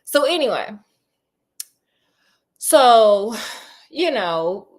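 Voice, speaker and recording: Speaking very slowly, this young woman has a fairly high, very animated voice with a slightly mellow quality. She's the host of a casual retelling of a classic tale, chatty, sassy, and slangy, and she asks a listener questions along the way.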